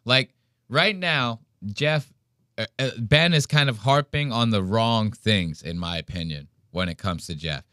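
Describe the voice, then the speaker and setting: A male podcast host tears into a take with blunt, profane energy. His voice is bright and forceful. The sound is dry and close to the mic. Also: on the low side, a little slow, clear, resonant tone, no echo. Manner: blunt, profane, animated ranting. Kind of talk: casual commentary.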